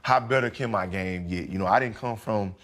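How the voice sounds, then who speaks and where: A young man talks in an easy, candid way, dropping slang and "you know" often. His voice sits low. He sounds like a football player opening up in a casual podcast interview. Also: fairly quick, a bit bright.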